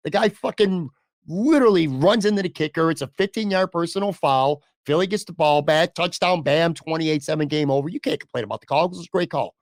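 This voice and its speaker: A man's voice: fairly high pitch, fairly quick, no room sound, clean studio sound. A man hosting a sports podcast, chatting casually, hedging his points and swearing offhand. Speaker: podcast host.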